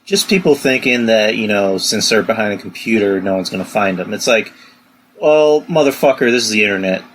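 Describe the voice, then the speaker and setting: Male co-host, low voice, rambling casual chat, faint noise behind. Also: fairly quick, a bit bright. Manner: rambling, lots of "you know". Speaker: podcast co-host.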